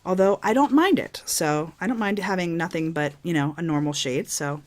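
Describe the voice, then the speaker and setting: A woman with a croaky voice from a cold, chatting casually as she unboxes a beauty box for her vlog. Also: fairly low pitch, moderate pace. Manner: chatty, rambling with fillers. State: hoarse from a cold. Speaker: beauty vlogger.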